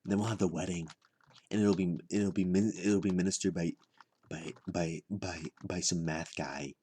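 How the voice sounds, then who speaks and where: A man doing a rambling deadpan comedy monologue, halting and repeating his words with lots of fillers. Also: sits low, a little hiss or hum. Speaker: comedy vlogger.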